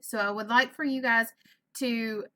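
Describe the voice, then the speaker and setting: Southern US woman, early-grades teacher, slow and deliberate, sounds words out for kids. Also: fairly high pitch, fairly even intonation, pushed and bright. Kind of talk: virtual classroom lesson.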